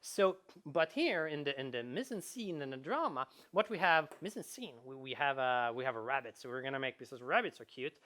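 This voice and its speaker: A man, a game designer, giving a conference talk, animated and full of restarts and repeated words. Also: medium pitch, brisk, hardly any pauses.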